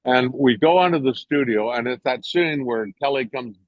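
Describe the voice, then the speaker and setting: An older man from England tells his showbiz stories with animated energy, switching into other people's voices as he quotes them. His middle-pitched voice comes through dry and slightly dull, like remote interview audio. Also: moderate pace, no room sound. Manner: animated storyteller, jumps to high voices when quoting others. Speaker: actor guest. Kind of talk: casual anecdote telling.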